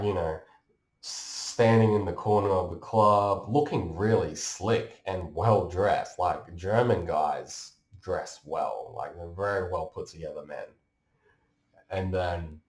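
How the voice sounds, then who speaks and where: A man from Taiwan, an astrologer, explaining things casually in a rambling, conversational way. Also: deep voice. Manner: rambling and conversational, with many fillers. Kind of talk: casual explanation during a chart reading. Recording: roomy echo.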